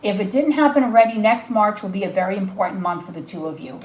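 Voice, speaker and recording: A woman's voice: mid-range voice, lively intonation, quick pace, a little mellow, echoey room, a little hiss or hum, rough recording. A woman giving a live tarot reading, gushing and emotional as she talks straight to the viewer. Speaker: tarot reader.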